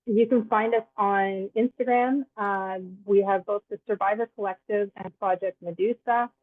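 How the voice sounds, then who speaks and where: A woman guest on a podcast, speaking in a halting, grateful way with many restarts. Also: medium pitch, fairly even intonation. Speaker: guest, nonprofit co-founder. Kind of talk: interview answer. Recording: tinny phone-like line.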